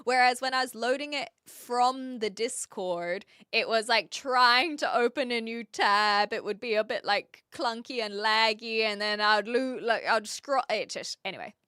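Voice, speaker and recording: A woman's voice: a little high, a little slow, hardly any pauses, bright, forceful tone, clear, resonant tone, dry recording, clean studio sound. A young woman livestreaming, chatting casually and rambling with lots of fillers while reacting to her chat. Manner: reads chat and reacts aloud.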